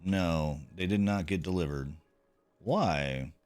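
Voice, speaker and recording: Laid-back low-voiced man streaming a game. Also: slow, a little mellow. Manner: laid-back, rambling, self-mocking, swears casually. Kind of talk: casual gameplay commentary chatting with viewers.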